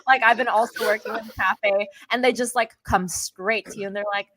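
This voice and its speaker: A woman's voice: mid-range voice, brisk, no echo. Chatty young woman, dry close sound. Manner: chatty and animated, often laughing, acts out quotes. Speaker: podcast guest. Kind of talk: casual interview chat.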